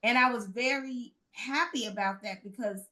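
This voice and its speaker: A woman from Chicago, a recruitment founder, speaking as a podcast guest in earnest, halting casual chat. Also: on the high side, pushed and bright. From Chicago, United States.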